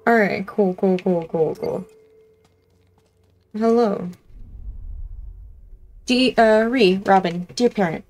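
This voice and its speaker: A woman's voice: medium pitch, slow, pauses often, a little mellow. Chatty woman narrating her own gameplay. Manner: chatty, talks to herself, hums and reads aloud; easily startled, laughs at herself. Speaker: gaming channel host. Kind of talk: let's-play commentary.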